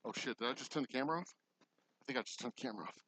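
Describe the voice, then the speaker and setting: A man with a Texan accent and a bright, forward voice narrates his own construction work for a vlog. He thinks aloud and makes self-deprecating asides to viewers. The camera mic picks him up as he moves around the site. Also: mid-range voice, rapid-fire, low-quality recording. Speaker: distillery owner vlogging construction. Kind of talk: casual vlog while working. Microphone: camera mic, moving around off camera.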